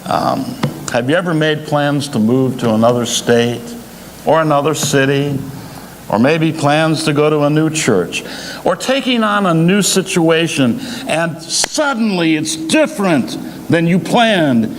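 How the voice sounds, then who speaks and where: A man preaching a sermon as associate pastor, emphatic, with dramatic pauses between phrases. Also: fairly high pitch, expressive. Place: church sanctuary. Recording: reverberant church hall, faint noise.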